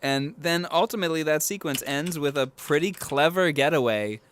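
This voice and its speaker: A man's voice: a little high, normal speed, fairly bright tone, no room sound. A man co-hosting a casual film podcast, thinking aloud in long rambling turns with restarts. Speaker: podcast co-host.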